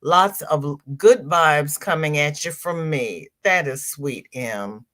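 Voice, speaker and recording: Hosting a laid-back crochet livestream, this Southern American woman chats through viewer comments, greets people by name and often repeats herself. Her voice sits low, a bit bright, and she takes it slowly.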